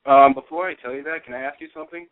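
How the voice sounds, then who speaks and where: A man's voice: medium pitch, very fast, crowd noise. A male caller on a radio show, needling the host and repeating his question. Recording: tinny phone line.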